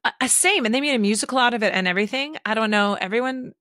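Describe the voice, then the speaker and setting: Podcast co-host, woman in her thirties with a bright, energetic tone, dry close-miked sound, chatty and animated. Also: on the high side, racing, no room sound. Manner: animated, quotes movie lines with laughs. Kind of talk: casual chat.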